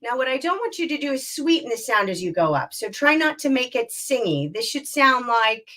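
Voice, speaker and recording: A woman vocal coach leading a live online warm-up class, talking through the exercises and demonstrating bored, whiny sounds and sung scales. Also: on the high side, very animated, a little fast.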